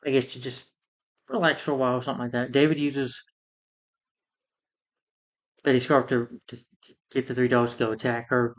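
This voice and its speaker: A man's voice: medium pitch, level tone, moderate pace, long pauses, lo-fi sound. A man casually recapping a film in a rambling rant, full of fillers and sarcastic asides. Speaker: film reviewer.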